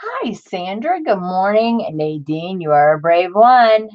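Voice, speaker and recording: Over background noise and lo-fi sound, a woman of medium pitch speaks slowly in a sing-song way. She's running a crafting livestream, chatting casually and reading old-fashioned text aloud, tripping on hard words and exclaiming in disbelief.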